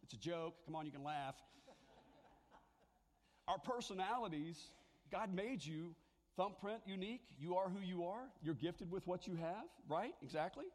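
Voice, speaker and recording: A man's voice: high-pitched, animated, normal speed, big-room sound. A man preaching a sermon to his congregation in a church, talking in a conversational way and joking with them. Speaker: pastor. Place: church sanctuary.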